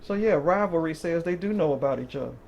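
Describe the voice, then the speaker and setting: A woman's voice: sits low, expressive, fast, gravelly, muffled recording, slight background noise. A woman giving a casual, chatty tarot reading to camera, often checking in with her listeners and breaking into short laughs. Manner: chatty, keeps checking in with "okay?". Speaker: tarot reader.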